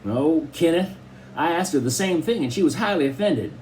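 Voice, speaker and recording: A man's voice: a little high, lively intonation, normal speed, darkish tone, a little hiss or hum, pitched above the performer's own voice, natural voice, rough recording. A man voicing an amused father teasing about his wife.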